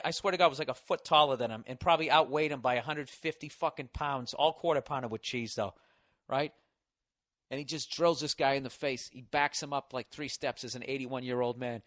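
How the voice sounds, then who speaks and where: A man's voice: medium pitch, fairly bright tone, no room sound, clean studio sound. A man streaming, telling a story in a crude, swearing casual rant and stumbling over repeated words.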